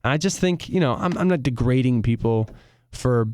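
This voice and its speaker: Smooth-voiced young man, casual and joking. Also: mid-range voice, animated, normal speed, darkish tone, no echo, clean studio sound. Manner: reflective, joking. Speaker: guest musician. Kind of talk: casual chat.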